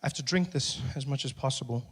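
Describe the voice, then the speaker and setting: A man from Africa, telling an animated stand-up story that swings between loud and hushed. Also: medium pitch, fast, slightly rough. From South Africa. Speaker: comedian. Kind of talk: stand-up comedy.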